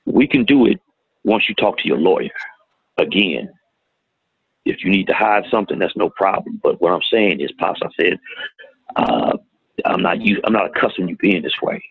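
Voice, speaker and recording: A middle-aged man telling a painful personal story in a plain-spoken, halting way, recorded with tinny phone-like sound. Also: deep voice, expressive, creaky, slightly rough, dry recording. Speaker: guest telling his story. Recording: tinny phone-like audio, dry.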